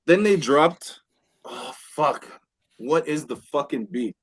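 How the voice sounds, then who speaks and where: A man telling a wild story on a casual podcast with friends, animated and swearing, acting out what people said. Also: fairly high pitch, takes it slowly, breathy edge. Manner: animated, swears a lot, acts out quotes. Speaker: podcast host. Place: indoor podcast room with friends.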